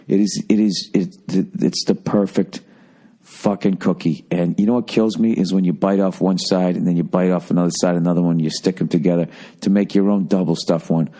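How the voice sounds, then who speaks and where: A podcast host in his forties, with a low, warm voice, delivers a loose, casual comedic rant. It's profane and self-deprecating, rambling along and restarting mid-sentence.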